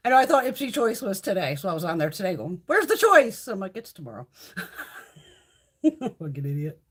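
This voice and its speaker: Woman, middle-aged, livestream host, profane casual chatter, husky voice. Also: lowish voice, lively intonation, normal speed. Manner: chatty and profane, reads out viewer comments. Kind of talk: casual live chat.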